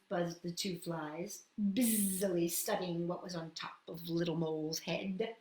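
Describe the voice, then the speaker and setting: A woman storyteller reading a children's picture book aloud, expressive and full of sound effects. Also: lowish voice, a little slow, few pauses. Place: at home. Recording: echoey room.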